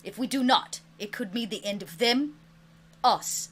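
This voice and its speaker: A woman voicing a fussy male lizard familiar who talks in slow, grave proclamations. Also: on the high side, a bit bright, a little hiss or hum. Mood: urgent.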